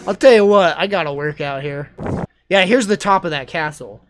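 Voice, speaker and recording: Male streamer with a high-ish voice, loose self-mocking chatter over a hissy, noisy mic. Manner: rambling, self-deprecating, quick to exclaim. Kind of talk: casual commentary over old travel videos.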